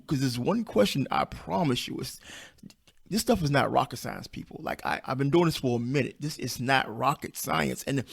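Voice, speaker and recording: A man in his fifties with a squeaky voice, hosting a podcast as a self-publishing coach and speaking off the cuff in a blunt, emphatic way, repeating his key points. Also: vocal fry, breathy edge. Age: 50s. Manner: blunt and down-to-earth. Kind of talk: unscripted motivational podcast monologue.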